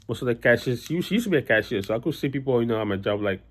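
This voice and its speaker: This young vlogger has a medium-pitched voice with lively intonation and a rapid-fire pace. He rambles about his own experiences to camera, restarting often and leaning on "you know."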